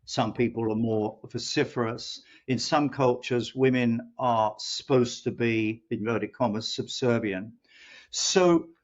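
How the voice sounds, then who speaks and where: A middle-aged man talks at a middle pitch, wandering through anecdotes and slipping into the voices of the people he quotes. The sound is a little dull and muffled. He has a loose, chatty interview manner. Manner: rambling storyteller who acts out quoted voices. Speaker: guest, co-founder of a training company. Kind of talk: casual interview talk.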